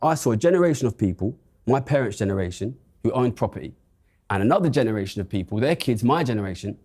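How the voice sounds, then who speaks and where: A man's voice: mid-range voice, expressive, fast, warm tone. A man in his thirties making an emphatic, rhetorical case in a debate clip. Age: 30s. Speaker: economics commentator. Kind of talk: debate argument.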